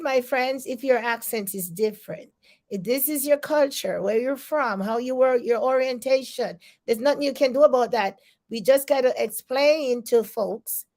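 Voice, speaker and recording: A Jamaican woman giving a casual motivational live-stream talk, encouraging and repetitive, with many fillers. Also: a little high. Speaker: motivational speaker.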